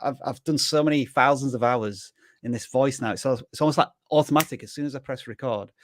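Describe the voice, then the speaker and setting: A man's voice: medium pitch, fast talker, dry recording, clean studio sound. A man from northern England, co-hosting a casual livestream, who talks in a self-conscious way and often repeats words as he starts a sentence. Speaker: co-host.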